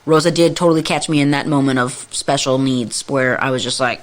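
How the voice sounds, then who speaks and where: This podcast co-host has a low-pitched voice and talks fairly quickly with few pauses. Chatting casually, she tells a story full of swearing and exasperated venting, playing back her own past lines in a profane, frustrated rant.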